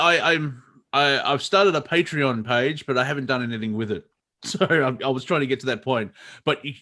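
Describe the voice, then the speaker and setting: A man's voice: medium pitch, fairly bright tone. A man co-hosting a comedy show, chatting casually, laughing often and rambling through restarts. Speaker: comedy podcast co-host.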